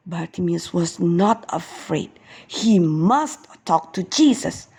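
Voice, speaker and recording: A woman tells a children's Bible story slowly, with big swoops in pitch. Her voice sits fairly high and sounds breathy. She reads as a kindergarten teacher would to young children. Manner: expressive slow storytelling.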